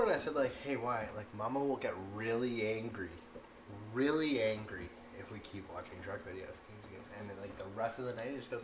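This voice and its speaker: Fairly quick and mid-range in pitch, the voice belongs to a thirtysomething man streaming as a cook. His casual chat and storytelling ramble animatedly, full of laughs and "like." Faint background noise and echo come through in the recording.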